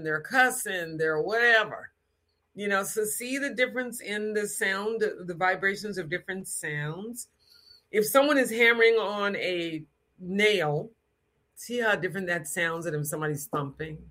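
An adult speaking in an unscripted teaching talk about sound, with a strong, frank and direct tone. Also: mid-range voice. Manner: demonstrates sounds with lively put-on voices and bits of song.

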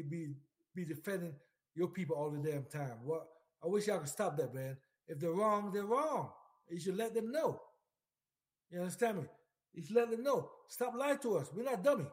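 A man, a military veteran, ranting in emphatic political commentary, repeating himself, swearing and firing questions straight at the listener. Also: high voice. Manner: emphatic, repetitive, profane, lots of direct questions at the listener.

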